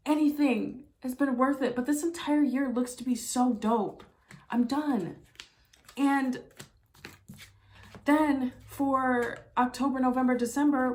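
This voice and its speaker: An excitable young woman reads tarot cards in a casual, chatty way. She punches key words with emphatic bursts and laughs along the way. Her voice sits at an everyday middle pitch for a woman. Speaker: intuitive tarot reader. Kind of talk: casual tarot reading to camera.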